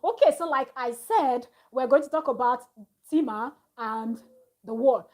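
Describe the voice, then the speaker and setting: A woman with a slightly high voice recaps a reality-show episode in a loose, chatty way. She retells the arguments with animation, like a vlogger talking straight to her audience from home. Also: a little slow, darkish tone. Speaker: reality TV review host. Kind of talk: casual gossip recap to camera. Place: at home with her small child nearby.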